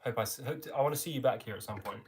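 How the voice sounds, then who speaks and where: A man's voice: medium pitch, racing, very noisy. A young man with an English accent, casually reading out and answering viewer comments on a live stream. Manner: chatty, reads viewer comments aloud, friendly filler "mate". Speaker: livestream host answering chat.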